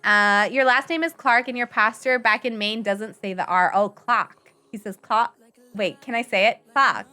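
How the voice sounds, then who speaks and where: A woman's voice: medium pitch, moderate pace, hardly any pauses, sharp tone, faint music behind. A young woman streaming a life-simulation game, who grew up speaking French and English, chatting with viewers in a bubbly, giggly way. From grew up bilingual in French and English. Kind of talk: casual live-stream chat over gameplay.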